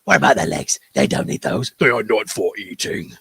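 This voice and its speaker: A man's voice: lowish voice, big pitch swings, moderate pace, creaky, a bit bright, breathy edge, no room sound, pitched below the performer's own voice, full character voice. A man voicing a serious, grim male goblin. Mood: menacing.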